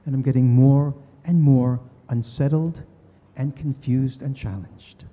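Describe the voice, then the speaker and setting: A man's voice: medium pitch, fairly even intonation, measured pace. Earnest older man telling a story in a hall. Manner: earnest, voices quoted people. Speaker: speaker giving a talk. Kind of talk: storytelling talk. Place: synagogue hall. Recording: dull recording in a reverberant hall.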